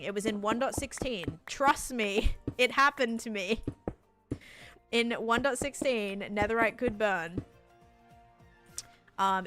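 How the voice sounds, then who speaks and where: A young woman streams a game live and talks to her chat in a loose, rambling way, full of fillers. She sometimes slows down to explain things patiently. Soft music plays faintly behind her. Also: mid-range voice. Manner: rambling and chatty, many "like" fillers. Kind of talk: casual live gameplay chat, answering viewers.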